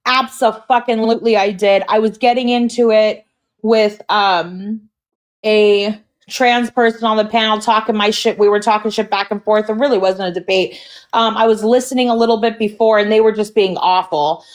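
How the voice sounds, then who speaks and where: A woman's voice: on the high side, moderate pace. A woman in a heated livestream argument, ranting in a profane, combative way. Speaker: livestream debater.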